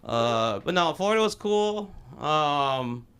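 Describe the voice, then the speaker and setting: A young man from Los Angeles works through an open mic stand-up set in a small club. His voice sits a little high and comes through smooth and clean. He rambles loosely, piles on the profanity, and keeps circling back into his stories. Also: lively intonation, takes it slowly, fairly bright tone. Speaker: stand-up comedian.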